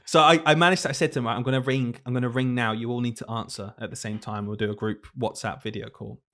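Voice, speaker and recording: Young guy rattling off a story on a podcast, quick and excitable. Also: medium pitch. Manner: animated, laughing storyteller. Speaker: podcast co-host, teacher. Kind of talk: casual storytelling chat.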